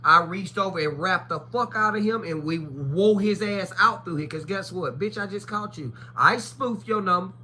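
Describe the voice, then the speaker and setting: A woman's voice: on the low side, moderate pace, few pauses, bright, forceful tone, a little hiss or hum. A woman chatting casually on a livestream, telling blunt, profane stories and acting out the voices of people she quotes. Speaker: livestream co-host. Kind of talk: casual chat.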